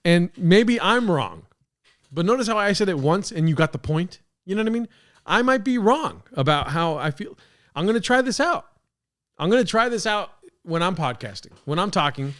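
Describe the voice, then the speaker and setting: Animated, high-voiced young man ranting. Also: moderate pace. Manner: animated, profane, ranting with mock outrage. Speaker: podcast host. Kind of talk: casual reaction commentary.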